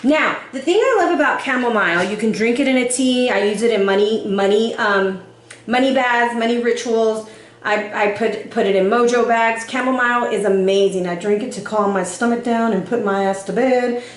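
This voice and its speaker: A woman giving a casual tarot reading, animated and sassy, with casual swearing. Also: on the high side, moderate pace, echoey room. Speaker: tarot reader.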